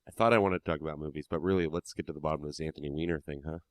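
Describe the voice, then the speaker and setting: A man's voice: rumbling low, fairly even intonation, rapid-fire. A man co-hosting a podcast in casual chat, sarcastic and laughing often. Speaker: podcast co-host.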